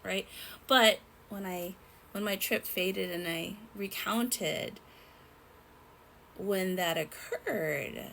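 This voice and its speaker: A young woman telling a personal story in a rambling, halting way, with many fillers and restarts. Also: lowish voice, vocal fry, fairly bright tone, slight background noise, low-quality recording. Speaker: vlogger.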